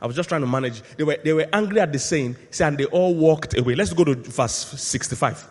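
A male pastor preaching a sermon, asking the congregation to finish his lines and swinging from quiet asides to loud shouted peaks. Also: on the high side, fairly quick. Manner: call-and-response questions to the congregation. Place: church hall. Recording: long hall reverb.

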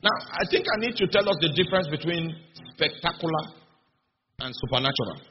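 A man's voice: fairly high pitch, lively intonation, a little fast. A male preacher teaching a sermon, stressing his key phrases through repetition and often checking in with the audience. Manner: emphatic, repeats key phrases. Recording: dull, noisy recording in an echoey hall.

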